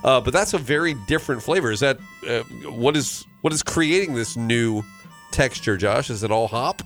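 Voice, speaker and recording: A man's voice: mid-range voice, normal speed, faint music behind. A man hosting a morning radio show, joking and exclaiming through beer tasting banter. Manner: lively, jokey, exclaims often.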